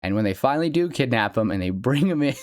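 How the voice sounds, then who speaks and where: A man's voice: medium pitch, a little mellow, no room sound, clean studio sound. A young man hosting a podcast, rambling happily about a favourite film and laughing as he goes. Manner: gushing, rambling fan talk with laughs. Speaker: podcast host. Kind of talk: casual solo podcast commentary.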